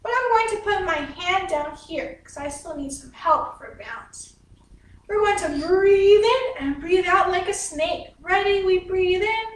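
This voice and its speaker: A woman's voice: very high-pitched, measured pace. A woman teaching a dance and yoga class to young children, patient and sing-song, explaining each step simply. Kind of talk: slow, gentle instruction for young children. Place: home room, livestreamed class. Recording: echoey room.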